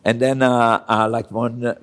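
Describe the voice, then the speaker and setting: A man's voice: mid-range voice, level tone, moderate pace, a bit bright. An older man from Austria, a chef being interviewed, telling candid anecdotes and acting out the people in them. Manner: candid anecdotal storytelling with quoted voices. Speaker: chef guest. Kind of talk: storytelling interview.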